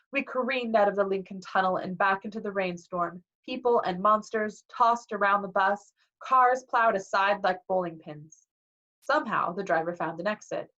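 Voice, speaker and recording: A woman reading a novel aloud in a lively way, acting out the dialogue, on a dull lo-fi recording. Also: medium pitch. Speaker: reader.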